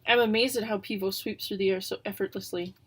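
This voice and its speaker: A woman reading a children's novel aloud in a plain middle voice. She pauses for casual, wry side comments about the writing before carrying on. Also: medium pitch, fairly even intonation, fairly bright tone, slightly rough. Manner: casual, wry asides between passages. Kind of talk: reading a book aloud with chatty asides.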